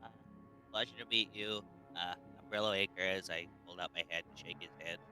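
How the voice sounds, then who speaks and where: A man's voice: low voice, steady tone, brisk, bright, forceful tone, soft background music. A man playing a tabletop role-playing game, chatting casually with many fillers. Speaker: player.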